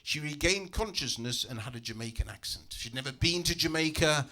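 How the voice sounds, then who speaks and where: Lively stand-up comic. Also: male voice, fairly quick. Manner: animated, acts out voices with big pitch jumps. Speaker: stand-up comedian. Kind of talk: stand-up comedy routine. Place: comedy club stage with audience.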